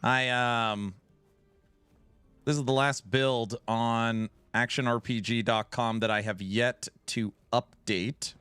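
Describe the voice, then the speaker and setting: Bright-voiced male game streamer. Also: mid-range voice, steady tone, slow, clear, resonant tone, no room sound, soft background music. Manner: chatty and self-mocking, talks back to chat. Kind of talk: casual live-stream chat while gaming.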